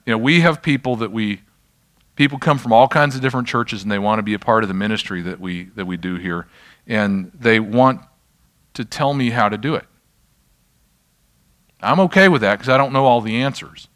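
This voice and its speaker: Low-voiced man preaching casually to a room. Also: normal speed, long pauses, a bit bright. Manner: conversational, self-deprecating, checks in with the audience. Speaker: pastor teaching a class. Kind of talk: informal sermon teaching. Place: church room with an audience.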